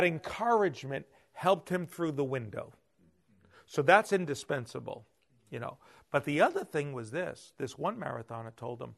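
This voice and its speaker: A man preaching a sermon, swinging between loud emphasis and hushed asides. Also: a little high, sing-song, normal speed, gravelly. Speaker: pastor.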